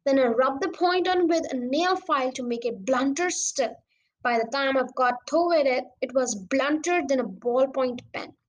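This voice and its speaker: A woman voicing an elderly male country doctor who is fiery and mischievous, in a storybook reading with lively emphasis. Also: high-pitched, low-quality recording.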